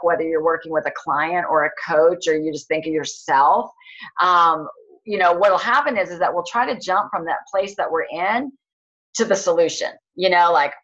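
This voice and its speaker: Woman coach talking thru client questions, lots of ums and restarts, lowish voice, muffled audio. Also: a bit bright. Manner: rambling, many fillers and restarts. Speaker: health coach leading a training call. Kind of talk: casual teaching talk.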